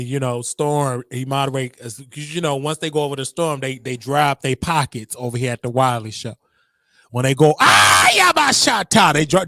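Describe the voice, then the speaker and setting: A man's voice: a little high, no echo, clean studio sound. A man hosting a casual livestream, talking to his chat in a rambling, repetitive way with preacher-like call-outs. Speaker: livestream host.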